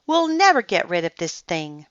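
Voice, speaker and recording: A woman's voice: fairly low pitch, big pitch swings, normal speed, no echo. A woman voicing a cautious, grumbling young boy in a storybook reading, with a tense, exasperated manner. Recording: dull lo-fi sound.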